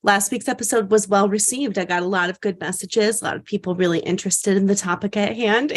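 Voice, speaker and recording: A woman's voice: medium pitch, brisk. Chatty woman podcast co-host. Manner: chatty, many fillers and restarts. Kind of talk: casual chat.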